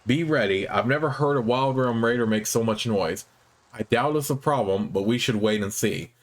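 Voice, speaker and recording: An earnest young woman scout, guarded and practical, as a man reads her lines aloud from a fantasy game. Her lines come out clipped and matter-of-fact, in an ordinary middle-pitched voice. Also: normal speed, lightly acted. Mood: brisk.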